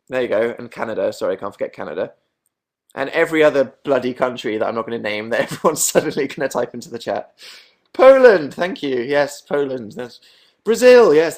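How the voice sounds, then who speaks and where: A young man from England hosting a casual late-night livestream from his bedroom, reading viewer comments in a dry, sarcastic, self-mocking way. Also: medium pitch. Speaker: livestream host.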